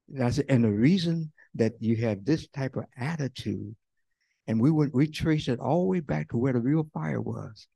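A man preaching a sermon as pastor, talking conversationally and swinging from loud bursts to hushed near-whispers. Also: mid-range voice, moderate pace, vocal fry, breathy edge, no room sound. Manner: conversational preaching with fillers and quoted voices.

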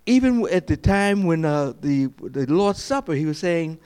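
Preaching man, swinging high and hushed. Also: clear, resonant tone. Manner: swings between hushed, slow quoted lines and high, lively preaching; repeats words and restarts phrases. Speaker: pastor. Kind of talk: sermon.

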